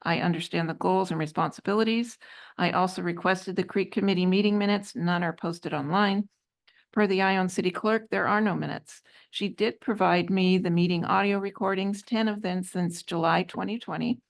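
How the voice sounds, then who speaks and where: A woman's voice: fairly low pitch, fairly even intonation, moderate pace, creaky. A woman on a city council, reading applicants' letters aloud at a meeting, hesitant, with many ums and slips. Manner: hesitant, many ums, trips over words. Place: council chamber.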